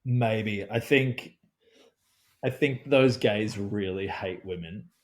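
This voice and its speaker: Male co-host, lowish voice, blunt and sweary in casual banter. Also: takes it slowly. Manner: blunt and sweary, dry put-downs. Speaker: podcast co-host. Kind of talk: casual chat.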